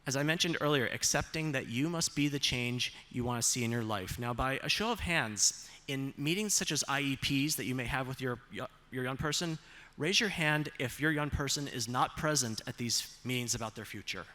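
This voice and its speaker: With a bright, forceful tone at medium pitch, a self-advocate delivers a motivational talk backed by slides. He stays measured, asks his audience rhetorical questions and slows down to land key phrases.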